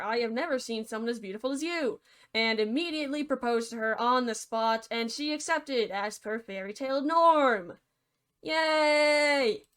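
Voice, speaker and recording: A woman's voice: on the high side, a bit bright, smooth. Sarcastic young woman narrating a fairy tale. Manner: sarcastic, playful, mock-cheerful. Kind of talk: comedic storytelling over a game video.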